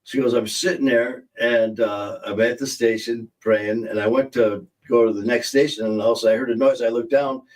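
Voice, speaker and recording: Man, podcast host, rambling storyteller, laughs at own jokes, mid pitch, slightly distant mic. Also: steady tone, fairly quick, few pauses, a little mellow. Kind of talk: casual live-stream chat. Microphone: streaming setup mic.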